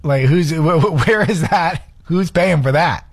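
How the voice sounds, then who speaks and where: A man hosting an opinionated political commentary show, talking in a quick, sarcastic, emphatic way with frequent restarts. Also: fairly high pitch, slightly rough, no echo.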